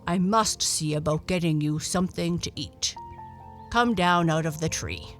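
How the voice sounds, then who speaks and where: A woman voicing a male dog who is gruff and cross at first but good-hearted, with a hearty, blustery way of talking. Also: low-pitched, unhurried, faint music behind. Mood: kindly.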